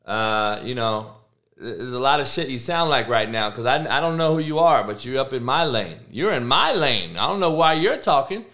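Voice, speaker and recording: Slangy foul-mouthed guy hosting a podcast, talking back to chat, mid pitch. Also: big pitch swings, moderate pace, bright, forceful tone. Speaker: podcast host. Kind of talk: casual live-stream chat.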